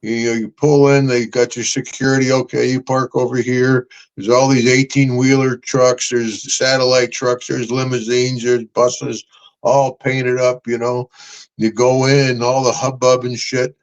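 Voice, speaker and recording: A man's voice: mid-range voice, a little slow, low-quality recording. Older American man telling road stories. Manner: animated storyteller, chuckling, calls people brother. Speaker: guest. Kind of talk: storytelling interview.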